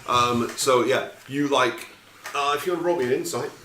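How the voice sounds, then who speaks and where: A man's voice: medium pitch, normal speed, pushed and bright. A man running a tabletop game as game master, narrating casually with loose, rambling asides and swearing. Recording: echoey room with faint noise.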